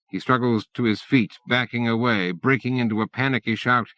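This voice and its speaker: A man reading a science fiction audiobook aloud in a measured, even narration, on an old cassette recording. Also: mid-range voice, no room sound, dull audio.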